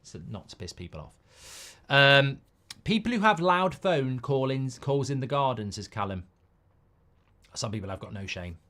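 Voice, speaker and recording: Hosting a live football watchalong, this middle-aged man chats casually, rants, swears a lot, and readily flares up at the players. He has a medium pitch with big swings, and his tone is bright and forceful.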